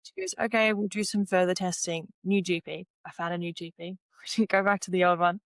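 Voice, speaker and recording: A woman's voice: fairly low pitch, brisk, dry recording. A young woman, a former swimmer and podcast guest, talking casually about her past and quoting what she and others said. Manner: retells conversations by quoting herself and others; relaxed, frequent "like" and "you know" fillers. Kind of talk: casual interview storytelling.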